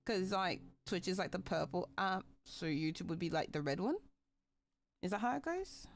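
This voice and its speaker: A woman's voice: on the low side, sing-song, normal speed, a little hiss or hum. A young woman chatting casually on a livestream, greeting viewers and asking them questions.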